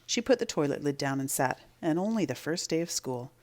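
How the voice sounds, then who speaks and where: Woman teacher, reading aloud, low voice, animated, slightly gravelly. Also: brisk. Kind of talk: reading a chapter book aloud.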